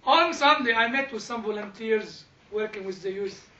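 A man's voice: high voice, normal speed, pushed and bright. A man leading an informal teaching talk for a church group, speaking animatedly, repeating words, chuckling and addressing listeners directly. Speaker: church discussion leader. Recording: echoey room, distant mic, dull sound.

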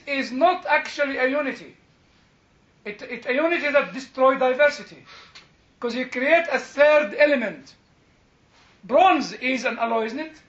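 A dull, reverberant hall recording catches an older theology lecturer with a high, bright voice teaching casually and interacting with his class. He drifts off into anecdotes, laughs frequently, and fills gaps with "you know."

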